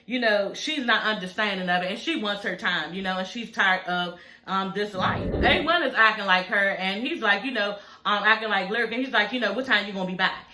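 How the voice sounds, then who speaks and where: A woman giving a casual, animated recap of a reality show, talking in slang, swearing freely and acting out the quoted lines. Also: mid-range voice, a little fast, echoey room, slight background noise, poor audio.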